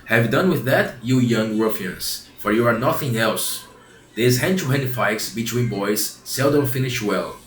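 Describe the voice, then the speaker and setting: A man voicing a hoarse, preachy male crab who scolds a gang of boys, read in a room with some echo and faint hiss. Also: mid-range voice, unhurried, close to an everyday voice. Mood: scolding.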